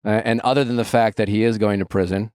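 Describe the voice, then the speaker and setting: A man hosting an advice podcast, asking a caller calm, probing questions. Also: fairly low pitch, quick pace, clear, resonant tone, no room sound. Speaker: podcast host. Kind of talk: advice call-in chat.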